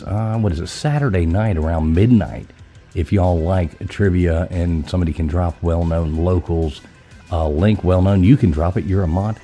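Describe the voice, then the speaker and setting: A man's voice: sits low, dark tone, slightly rough. A man hosting a casual live stream, chatty and loose, swearing casually, his voice scratchy from being sick.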